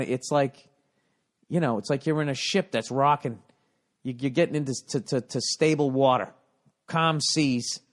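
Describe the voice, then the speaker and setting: A man hosting a comedic podcast, reading a listener email and ranting, profane with mock-shouting bursts. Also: mid-range voice. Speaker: podcast host.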